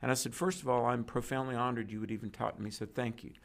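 A man's voice: medium pitch, fast. A man, a preacher, telling a story in conversation and acting out the lines of the people in it. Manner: animated storyteller acting out quoted dialogue. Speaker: guest preacher.

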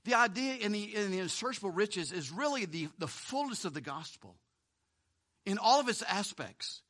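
A man pastor preaching a sermon in a conversational way, swinging between loud emphasis and hushed lines, with asides and chuckles. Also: sits high, lively intonation, normal speed.

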